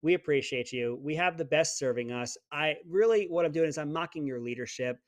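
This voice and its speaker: Host, middle-aged man, sarcastic ribbing tone, a bit high-pitched, dry room. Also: brisk, dry recording. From United States. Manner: sarcastic, joking, ribs listeners. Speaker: show host. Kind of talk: casual political commentary.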